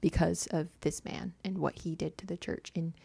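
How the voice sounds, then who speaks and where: A woman's voice: sits low, fairly even intonation, moderate pace, gravelly, warm tone, breathy edge, no echo. A young woman telling a personal story in casual chat, full of "like" and little laughs. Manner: chatty, heavy use of "like", laughs often.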